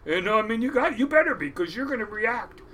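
A man's voice: high voice, very animated, quick pace, pushed and bright, a little hiss or hum. A middle-aged man, a longtime crab fishing captain, telling stories in a rambling, profane way and laughing often. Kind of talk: casual storytelling interview.

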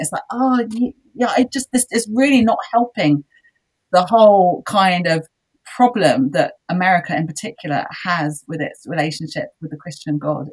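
A woman guest in a casual academic discussion, speaking in an opinionated, animated way. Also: on the low side, slightly rough, low-quality recording. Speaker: podcast guest.

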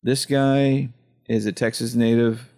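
A man's voice: mid-range voice, level tone, a little slow, mellow. A man hosting a casual movie podcast, rambling and swearing, with many fillers.

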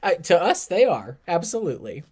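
A man's voice: fairly high pitch, very animated, a little fast, slightly rough. A man co-hosting a podcast in an easygoing, wry way, reading the intro and episode details. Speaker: podcast co-host. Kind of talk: casual chat.

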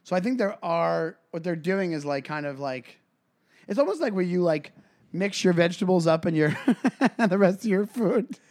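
A man in his forties with a high-pitched voice, co-hosting a loose, jokey podcast. He tells stories with animated energy, laughing often and slipping into voices for the people in them. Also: normal speed. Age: 40s. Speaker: podcast co-host. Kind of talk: casual chat.

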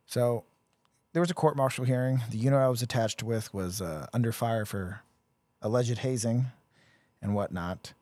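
A man's voice: medium pitch, normal speed, a little mellow, no room sound. A man co-hosting a podcast, casually recalling his army days in a rambling way. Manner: rambling, self-correcting recollection. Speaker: podcast co-host, veteran. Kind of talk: casual chat.

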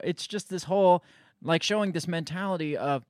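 A man's voice: fairly high pitch, a little fast, no room sound, clean studio sound. A man giving loose, rambling commentary on a news clip, sarcastic and swearing casually.

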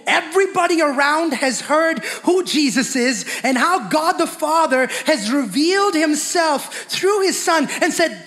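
A man's voice: extremely high pitch, fairly bright tone. A man preaching a sermon with fervent repetition, often asking the congregation questions. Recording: long hall reverb.

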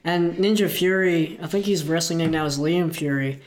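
A man's voice: on the high side, normal speed. A man casually recounting a story from his past, talking loosely with lots of likes and asides. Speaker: wrestler recalling a story.

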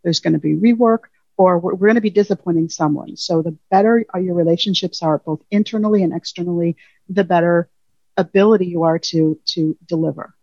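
A woman's voice: fairly low pitch, a little fast, darkish tone, no room sound. A woman guest talking casually in an interview, filling her thoughts with "you know" asides, over a remote call. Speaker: guest payroll leader. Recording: dull lo-fi remote audio.

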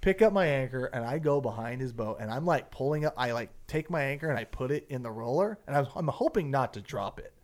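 A young man who works as a fishing guide, telling a story in casual podcast talk, animated and swearing freely. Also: mid-range voice, fast, few pauses. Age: young adult. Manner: animated, swears often, acts out quotes.

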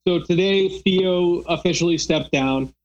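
A man's voice: sits high, unhurried, muffled recording. A man hosting a casual podcast, chatting loosely with lots of fillers and restarts. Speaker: podcast host. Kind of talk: casual chat.

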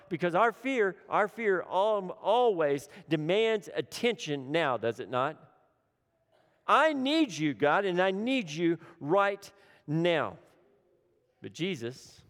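Preaching in a space with lingering hall echo, a man shifts sharply from hushed, low passages to loud, urgent ones. He leans on repeated phrases to drive his points home.

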